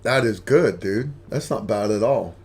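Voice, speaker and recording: A man's voice: on the low side, measured pace, slightly rough. A middle-aged American man hosting a casual livestream, joking with a friend and answering viewer questions. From United States. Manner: joking, relaxed banter with a friend. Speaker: livestream host.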